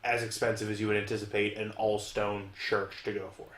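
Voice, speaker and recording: A man, co-hosting a podcast and telling profane, animated stories in casual chat. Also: fairly low pitch, fairly quick. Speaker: podcast co-host. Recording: roomy echoey room.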